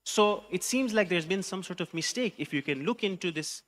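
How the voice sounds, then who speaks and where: A male preacher with a bright, forceful and fairly high voice carries a story sermon. He narrates in English and drops in recited Arabic phrases as he goes. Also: animated, fairly quick. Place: mosque hall.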